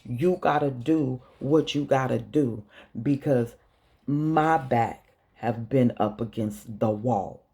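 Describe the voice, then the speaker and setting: A woman's voice: very deep voice, warm tone, slightly rough. A middle-aged woman from Chicago with a Chicago accent, talking straight to her viewers in an emotional, blunt monologue. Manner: slow, earnest and blunt, with profanity. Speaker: vlogger. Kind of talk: emotional direct-to-camera monologue.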